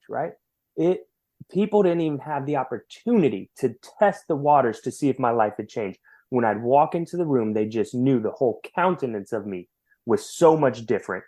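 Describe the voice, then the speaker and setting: Man, podcast guest, mid-pitched voice, earnest testimony, animated storytelling. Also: moderate pace. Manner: earnest, animated retelling with repeated words.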